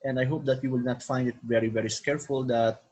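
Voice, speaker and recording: Male teacher, husky voice, lecturing slowly and repeating key terms. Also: medium pitch, fairly even intonation, darkish tone, rough recording. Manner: repetitive, piles up synonyms, code-switches into Tagalog. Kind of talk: recorded online lecture.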